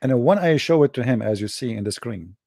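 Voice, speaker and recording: A man's voice: medium pitch, expressive, a little fast, creaky, dark tone, no echo, studio quality. A man hosting a debate show, talking in a mocking, argumentative live-stream monologue.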